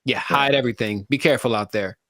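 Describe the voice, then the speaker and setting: A man co-hosting a podcast in casual chat, rambling in an animated way and laughing as he talks. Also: medium pitch, fast talker, no echo, clean studio sound. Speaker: podcast co-host.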